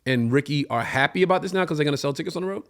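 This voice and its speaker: Quick-talking host who asks questions. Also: male voice, on the high side. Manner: probing, asks follow-up questions. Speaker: podcast host asking questions. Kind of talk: casual chat.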